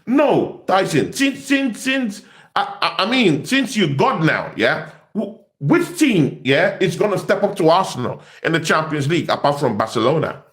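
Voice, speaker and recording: A man giving an animated football fan rant, excitable and taunting, often repeating his words. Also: on the high side, moderate pace. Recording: echoey room.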